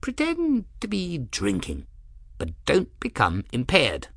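A man's voice: on the high side, huge pitch swings, takes it slowly, creaky, fairly bright tone, dry recording, studio quality, voice pushed up, exaggerated voice. Man playing a pompous old scholar-mage. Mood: lofty. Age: older. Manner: pompous, lofty and theatrical.

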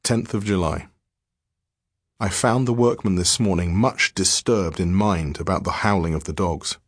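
A man narrating a diary-form horror story in a measured, grave manner. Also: low-pitched, husky, dry recording, clean studio sound.

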